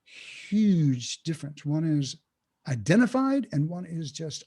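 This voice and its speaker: A man, a podcast guest, explaining mindfulness in an animated way and acting out inner thoughts. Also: a little high, slow pace, breathy edge. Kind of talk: podcast interview talk.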